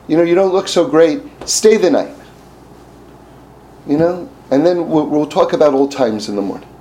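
A man's voice: fairly high pitch, normal speed, dark tone, slight background noise, lightly acted. A man putting on an emphatic, blunt war officer. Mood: hospitable. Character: male officer newly home from war, blunt.

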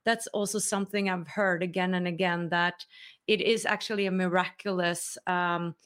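A woman hosting a podcast interview, sounding touched and asking gentle follow-up questions. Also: fairly low pitch, fairly even intonation, normal speed. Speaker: podcast host.

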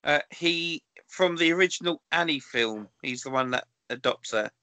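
A man's voice: fairly high pitch, moderate pace, bright, forceful tone, no echo. A male radio co-host chatting and guessing answers in casual talk. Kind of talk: radio chat.

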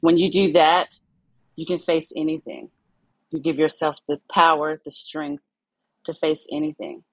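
A woman with a deep, low voice co-hosts a podcast and talks softly and sincerely about what matters to her. The sound is close and dry, with no echo. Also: steady tone, unhurried. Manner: soft-spoken, heartfelt. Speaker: podcast co-host. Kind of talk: casual podcast chat.

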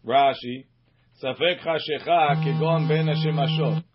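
A rabbi giving a Talmud study lesson, his voice a touch high for a man. He reads each Aramaic phrase slowly and then explains it in brisk English. The recording sounds muffled and lo-fi. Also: fairly even intonation, music in the background. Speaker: rabbi teaching a Talmud class.

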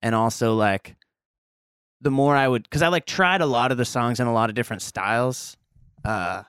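A man appears as a musician guest on a podcast, chatting casually in a mid-range, fairly bright, smooth voice at normal speed. He rambles, says "like" constantly and laughs easily. The recording is dry, with clean studio sound.

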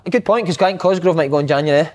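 A man with a Scottish accent who hosts a casual football chat, joking and moving between topics. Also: a little high. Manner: quick, joking, steers the topics.

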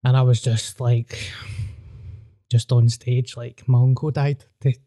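A man's voice: medium pitch, level tone, measured pace, dark tone. A Glaswegian man, a stand-up comedian hosting a podcast, chatting casually, bluntly and with self-mocking swearing. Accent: Glaswegian Scottish.

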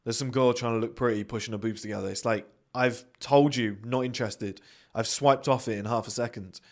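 A man's voice: medium pitch, fairly even intonation, a little fast. A man hosting a podcast, talking in a blunt, profane, ranting monologue. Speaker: podcast host.

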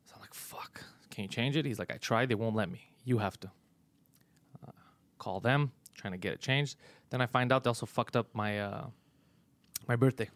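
A man hosts a casual comedy podcast, recounting his mishaps with plenty of swearing and laughter. His voice sits at a medium pitch and is recorded close and dry, with no room sound. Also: normal speed, long pauses, no room sound. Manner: profane, exasperated storytelling with frequent laughs. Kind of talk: casual chat, storytelling.

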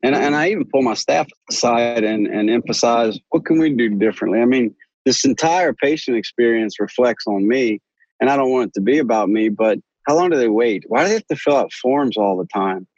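A man's voice: mid-range voice, lively intonation, a little fast, a little mellow, no echo. A man, an orthopedic surgeon answering interview questions in an earnest, rambling way with frequent restarts. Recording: dry, dull lo-fi sound.

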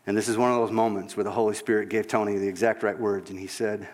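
A man preaching a sermon, telling a story and acting out its voices, dropping to a hush at the end. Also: on the low side, little pitch movement, fairly quick, long reverb tail.

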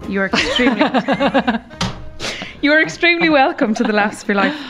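A woman's voice: high voice, lively intonation, moderate pace, music in the background. An Irish woman hosting an interview podcast, chatty and teasing, swearing casually. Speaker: podcast host.

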